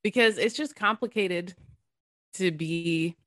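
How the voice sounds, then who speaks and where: A woman's voice: lowish voice, slow, fairly bright tone, no echo. A woman in her thirties, a podcast guest talking earnestly and animatedly, laughing easily. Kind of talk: casual conversation.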